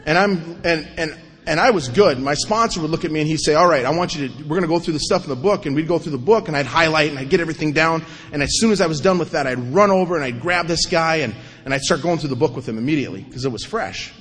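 A middle-aged man sharing his recovery story at a meeting, animated and self-mocking, acting out the voices of people in his story. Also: a little high, quick pace, husky. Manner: animated storyteller, acts out quotes, self-mocking, repeats himself. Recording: long reverb of a hall.

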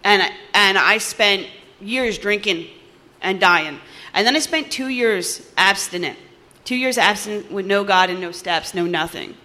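A woman from New Jersey giving personal testimony at a recovery meeting, animated and acting out the voices in her story. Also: mid-range voice, measured pace. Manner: animated storytelling, acts out dialogue, laughs often.

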